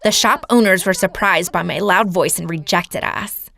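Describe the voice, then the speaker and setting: A woman's voice: on the low side, normal speed, gravelly, fairly bright tone. A woman giving a lecture as an earnest personal testimony, telling her story to a seminar audience. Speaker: seminar speaker.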